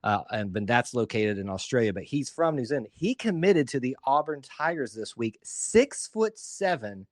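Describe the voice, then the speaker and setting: A man's voice: mid-range voice, lively intonation, moderate pace, hardly any pauses, no room sound, clean studio sound. A man from Alabama with an Alabama Southern accent, co-hosting a casual sports podcast in a rambling, joking, self-deprecating way. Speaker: podcast co-host.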